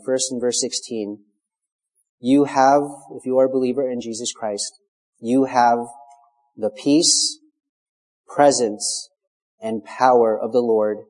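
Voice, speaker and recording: A man's voice: medium pitch, a little mellow. Man preaching in a reverberant hall. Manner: measured, emphatic preaching with scripture quotes. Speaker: pastor. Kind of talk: expository sermon.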